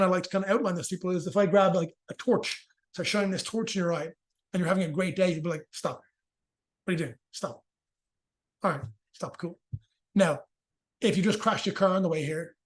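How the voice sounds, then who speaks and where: A man with a high, quick voice explains breathing and stress in a relaxed interview. He jokes and swears as he goes, rattling through the details. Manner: fast, profane, joking explanations. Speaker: movement and rehabilitation practitioner, guest. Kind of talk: casual explanatory interview talk.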